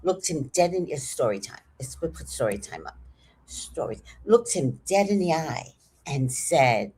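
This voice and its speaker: A woman telling a personal story in a casual, animated way, acting out what people said. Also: deep voice, unhurried, slightly rough. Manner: animated, acts out quoted voices.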